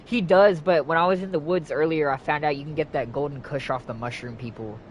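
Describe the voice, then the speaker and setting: A young man giving casual gameplay commentary, excitable and swearing freely as he thinks out loud. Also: fairly high pitch, fairly quick, a little hiss or hum. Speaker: game streamer. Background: game music.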